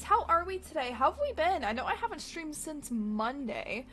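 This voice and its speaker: A woman streamer chatting casually with her live audience, chatty and animated, swearing freely. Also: high-pitched, normal speed, soft background music.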